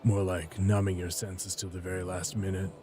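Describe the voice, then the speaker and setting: A man's voice: level tone, moderate pace, over music, natural voice. A man voicing a grim, weary adult warrior hero who speaks curtly and dryly. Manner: low, quiet, dry and curt.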